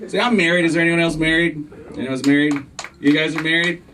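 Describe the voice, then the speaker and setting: A man's voice: a little high, fairly even intonation, fast talker, sharp tone. A male stand-up comedian doing a profane, self-mocking set on a comedy club stage, acting out both sides of arguments, with audience laughter behind him. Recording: distant club recording with room noise.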